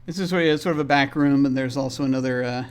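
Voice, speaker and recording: A man's voice: medium pitch, quick pace, clean tone, soft background music. A man playing in a tabletop game and hosting the stream, telling his character's scene in a rambling way with many fillers and restarts. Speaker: player and show host. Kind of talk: casual tabletop game play.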